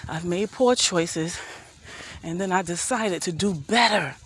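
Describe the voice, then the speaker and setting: A woman in her fifties talks while she walks uphill outdoors, a little out of breath. She preaches earnestly to her viewers and calls them family. Her voice sits at a middle pitch, with faint outdoor noise behind her. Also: measured pace, fairly bright tone. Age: 50s. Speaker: vlogger. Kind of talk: motivational walk-and-talk vlog. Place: outdoors walking up a hill.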